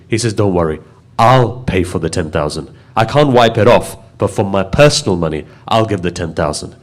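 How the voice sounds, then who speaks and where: A man giving a religious sermon, telling stories and rising to impassioned emphasis. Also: fairly low pitch. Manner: storytelling, building to impassioned emphasis. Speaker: preacher.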